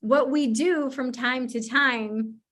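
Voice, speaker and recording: A woman with a somewhat high voice, hosting a casual podcast conversation. She tells stories animatedly, laughs easily and swears casually as she talks. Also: fairly even intonation, slow, fairly bright tone. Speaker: podcast host.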